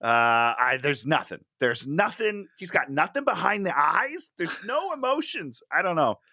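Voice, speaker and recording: Lively, sarcastic man with a bright voice. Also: high voice, normal speed, breathy edge, no room sound, clean studio sound. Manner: animated, sarcastic, swears freely. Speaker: podcast co-host. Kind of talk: casual chat.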